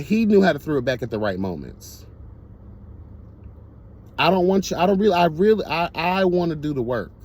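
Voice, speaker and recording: A man's voice: on the high side, a little mellow. A man telling a casual storytime monologue to his viewers, blunt, profane and emphatic. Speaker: storyteller vlogger.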